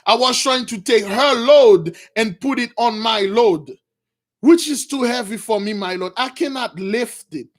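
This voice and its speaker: Man playing a young slave girl, frightened, begging, high and strained, crying out. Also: measured pace. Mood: tearful pleading. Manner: pleading, crying out.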